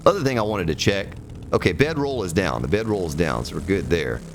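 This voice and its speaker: A man's voice: sits low, sing-song, fairly quick, a little hiss or hum. A man giving folksy, joking commentary while streaming a survival game, chatting with viewers by name. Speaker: let's play streamer. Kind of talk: casual gameplay commentary. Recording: game music behind the voice.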